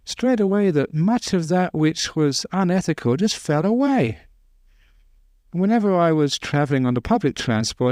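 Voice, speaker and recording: A man, a Buddhist monk, giving an informal dharma talk, telling stories with gentle humor and chuckling at his own jokes. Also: a little high, no echo, clean studio sound. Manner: conversational storytelling, with restarts. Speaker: Buddhist monk teaching meditation.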